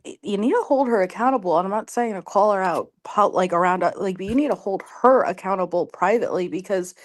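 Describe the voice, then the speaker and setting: Woman, livestream guest, blunt and animated, laughs mid-sentence. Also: medium pitch, fast talker. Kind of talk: casual livestream chat.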